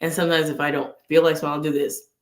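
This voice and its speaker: A woman's voice: sits low, little pitch movement, rapid-fire. Earnest woman in a roomy echo. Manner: earnest, acts out inner dialogue. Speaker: vlog host. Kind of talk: casual faith chat.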